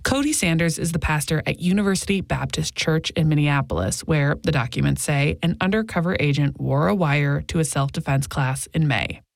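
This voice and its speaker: A woman correspondent delivering a scripted radio news report in a measured, even way. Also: deep voice, creaky, no echo.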